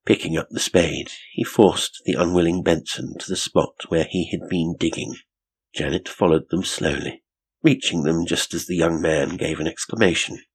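A man narrating a mystery story in a measured audiobook reading, with a husky voice. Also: sits low.

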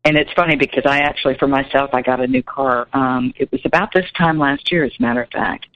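A woman's voice: sits low, fast talker, vocal fry, no echo, dull audio. Chatty woman guest, telling a story. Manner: chatty, many fillers, animated when quoting. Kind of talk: casual storytelling interview.

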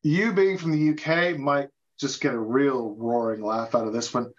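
A man's voice: medium pitch, fairly even intonation, normal speed, lo-fi sound. A man from the United States hosting a podcast, chatting casually and stumbling over repeated words. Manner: chatty, repeats words and restarts, laughs often. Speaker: podcast host. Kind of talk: casual travel-tips chat.

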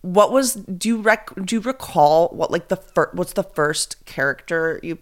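A woman's voice: lowish voice, moderate pace. A woman from Venezuela hosting a podcast, chatting and teasing her guest in a playful, casual way. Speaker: podcast host and comedian. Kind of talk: casual chat.

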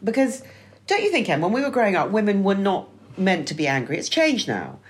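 Wry middle-aged woman co-hosting, lively pitch. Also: fairly quick. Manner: wry, emphatic, swearing freely. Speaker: podcast co-host. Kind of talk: scripted-sounding conversational essay.

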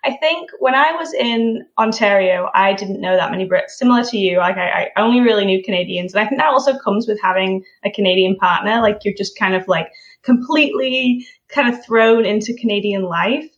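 A woman's voice: mid-range voice, brisk. A young woman from Yorkshire with a slightly transatlantic Yorkshire accent, a friendly, rambling podcast guest full of fillers, heard over a call. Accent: Yorkshire English with a transatlantic tinge. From Yorkshire, England. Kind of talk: casual chat. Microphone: remote call. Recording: dull lo-fi call audio.

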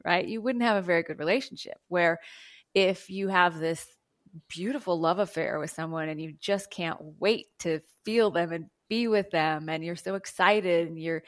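A soft-voiced woman with a slightly low pitch talks in a flowing, earnest way. She is a guest explaining spiritual practice in an interview. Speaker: guest, channeling teacher.

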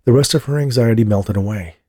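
A man reading a novel aloud as an audiobook narrator, in a steady, measured way. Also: medium pitch, slightly rough, no room sound, studio quality. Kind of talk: scripted narration.

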